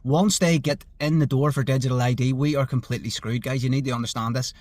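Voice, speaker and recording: A man's voice: mid-range voice, fairly even intonation, fast, a little mellow, dry recording. A man making an earnest, urgent appeal to his viewers, pleading with frequent fillers. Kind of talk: earnest social media appeal.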